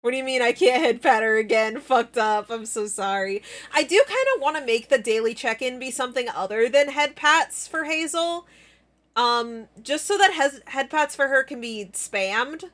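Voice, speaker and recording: A woman's voice: high voice, normal speed, a bit bright. A young woman live-streaming in casual chat, giggly and playful, bursting into squeals and laughter.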